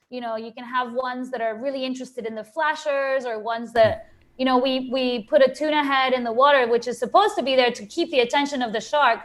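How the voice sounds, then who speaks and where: Chatty woman with a higher voice. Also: a bit bright. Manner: chatty and enthusiastic, filler-heavy. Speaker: guest, shark snorkeling guide. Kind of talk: casual interview talk.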